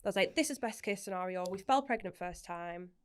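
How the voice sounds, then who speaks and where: A woman's voice: medium pitch, brisk, clear, resonant tone. A woman, talking openly and chattily as a podcast guest, laughing often and swearing casually. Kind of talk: candid personal interview.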